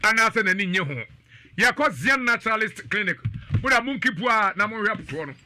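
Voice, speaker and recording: A man hosting a radio live stream, his voice high and very bright. He bounces between banter and shout-outs to viewers, laughing and animated. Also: fairly quick, a little hiss or hum. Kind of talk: lively presenter banter, reading live comments.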